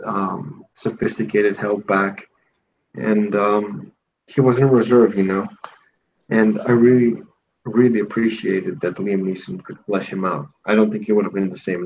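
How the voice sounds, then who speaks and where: Lowish guy talking fan stuff on a podcast, muffled lo-fi mic, faint hiss. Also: a little mellow. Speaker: podcast host. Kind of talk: casual chat. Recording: dull lo-fi mic with faint noise.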